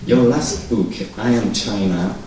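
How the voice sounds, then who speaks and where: A man moderates a public talk, putting hesitant questions to the guest and filling pauses with uhs. His voice is very deep and sounds distant in an echoing hall, with faint noise underneath. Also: expressive. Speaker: event moderator. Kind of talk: asking interview questions. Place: large hall at a public evening event. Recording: roomy hall, speaker far from the mic, faint noise.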